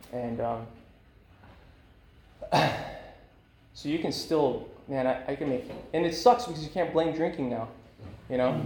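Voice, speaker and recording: A man's voice: medium pitch, vocal fry, darkish tone, slight background noise. A man in his thirties speaking at a recovery meeting, candid and rambling with many fillers. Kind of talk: personal recovery talk. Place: meeting room. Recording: echoey room, faint ambience.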